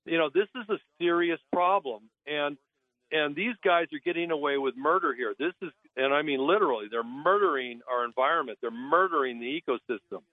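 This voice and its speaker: A slightly high male voice, brisk and without echo, belongs to a naturalist calling in to talk radio over the phone. Blunt and indignant, he mocks officials by imitating them in put-on voices.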